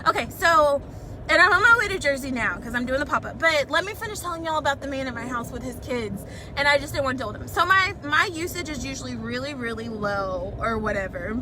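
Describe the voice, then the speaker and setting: High-voiced woman venting while driving. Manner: rambling, swearing, exasperated venting. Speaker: vlogger. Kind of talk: casual live-stream chat while driving. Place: in a car. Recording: phone audio with loud car noise. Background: road and traffic noise.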